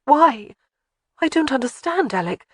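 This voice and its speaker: A narrator voicing a spirited young Highland bride in an audiobook, pleading and tearful. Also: female voice, animated, a little slow, fairly bright tone, no echo, clean studio sound. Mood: protesting. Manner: pleading, tearful, high-pitched. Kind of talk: audiobook character voice.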